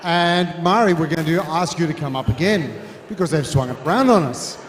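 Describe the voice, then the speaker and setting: A man's voice: fairly high pitch, moderate pace. A man hosting an awards night, chatty and loose with fillers. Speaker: awards ceremony host. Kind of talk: live emcee patter. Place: large reverberant event hall with audience. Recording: echoey hall, crowd behind.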